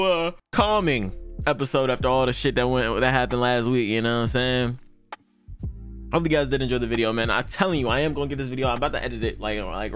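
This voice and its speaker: A man's voice: mid-range voice, a bit bright. A man hosting an anime reaction channel, talking in loose, slangy, profane commentary and laughing often.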